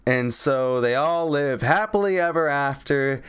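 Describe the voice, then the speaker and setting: A man's voice: medium pitch, lively intonation, measured pace, fairly bright tone, clear, resonant tone. Young man casually rambling about a movie. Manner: rambling, crude, filler-heavy. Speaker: movie reviewer.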